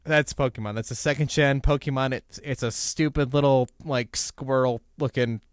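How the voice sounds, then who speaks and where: A man from Ohio chatting on a podcast in a joking, sarcastic way. His voice is smooth and resonant, recorded dry and close. He sits at a middling pitch for a man. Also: fairly even intonation, moderate pace, no echo. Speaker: podcast co-host. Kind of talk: casual chat.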